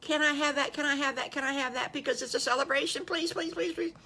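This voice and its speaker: A woman's voice: high voice, steady tone, quick pace, pushed and bright, a little hiss or hum, pitched above the performer's own voice. An older woman voicing an eager little boy wolf pup who squeals and begs over and over. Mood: overjoyed begging. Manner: squealing, repeats begging words.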